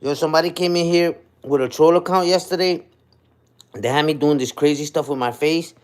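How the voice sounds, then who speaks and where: A man's voice: fairly high pitch, a little fast. A man in his forties hosting a casual livestream chat on his phone, slangy and chatty, answering viewer comments and tagging lines with "you heard?". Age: 40s. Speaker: livestream host.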